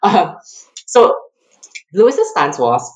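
A woman from Singapore, a track athlete guest telling stories in a casual interview. She is animated and laughs often, and her pitch jumps up when she acts out quotes. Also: takes it slowly, low-quality recording.

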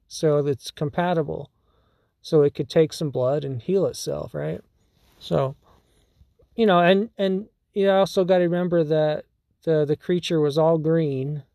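A man talks through his solo podcast in a loose, rambling way, often breaking into laughter and restarting his sentences. His voice sits a little high for a man but has a dark, mellow tone. He speaks slowly, and the sound is dry and close. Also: gravelly, no room sound. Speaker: podcast host. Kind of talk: casual solo podcast monologue.

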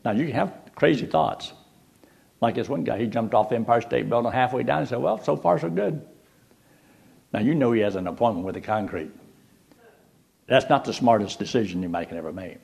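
A man's voice: mid-range voice, brisk, vocal fry, long pauses. An older man preaching a sermon, telling folksy stories and jokes between Bible verses. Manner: folksy, animated storyteller with jokes. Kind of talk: sermon with storytelling.

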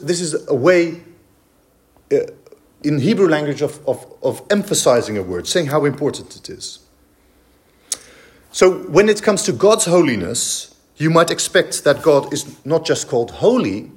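A man preaching a sermon in a church, emphatic and explanatory, with frequent fillers and restarts. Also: a little high. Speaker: pastor.

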